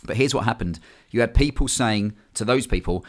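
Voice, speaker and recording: A man's voice: lowish voice, fast talker. A man, talking bluntly and casually in a podcast conversation, swearing freely. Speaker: men's coach, podcast guest.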